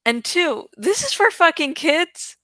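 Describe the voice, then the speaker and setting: High-voiced woman reading a book aloud. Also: big pitch swings, measured pace, a bit bright, dry recording. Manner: unpolished reading with frequent stumbles and restarts. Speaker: book reader. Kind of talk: reading a novel aloud with commentary.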